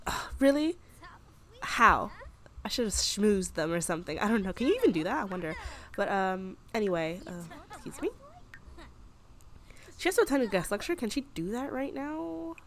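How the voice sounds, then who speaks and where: A young woman casually commentating a life-simulation game, chatty and excitable. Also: medium pitch, a little fast. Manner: chatty, excitable, with frequent gasps and laughs. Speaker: gaming video creator. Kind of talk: casual let's-play commentary.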